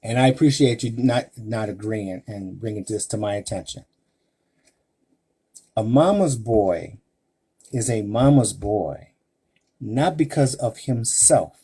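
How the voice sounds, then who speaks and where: Guy giving relationship advice on a livestream, slow and preachy, talks right to the ladies, kinda husky. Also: on the low side, animated, dark tone. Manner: emphatic, preachy, asks rhetorical questions; addresses women listeners directly. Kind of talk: live-stream advice talk.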